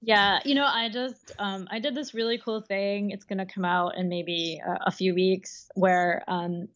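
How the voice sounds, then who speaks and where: Woman author chatting on a podcast, halting and thoughtful, bit muffled lo-fi sound. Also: mid-range voice, fairly even intonation, a bit bright. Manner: thoughtful, halting, many fillers and restarts. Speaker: guest author. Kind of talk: casual podcast conversation.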